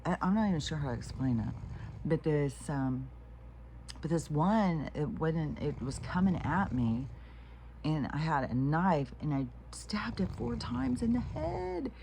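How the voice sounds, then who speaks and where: A woman's voice: low voice, expressive, a little slow, vocal fry, a little mellow, a little hiss or hum. A woman talking to camera in a meandering, frank monologue, swearing freely and often restarting her sentences. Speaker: vlogger. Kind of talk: rambling casual monologue.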